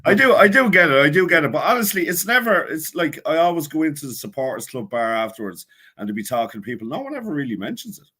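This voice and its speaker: Animated Dublin man with lively pitch. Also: quick pace, breathy edge. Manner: animated, opinionated. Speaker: guest. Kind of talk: casual podcast chat.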